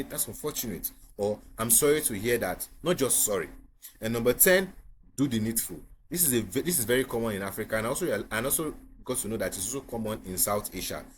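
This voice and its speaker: A man's voice: medium pitch, slight background noise. A man with a Nigerian accent, an IELTS tutor teaching to camera with emphatic repetition and frequent checks on the listener. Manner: emphatic, repeats key points, asks the viewer if they follow.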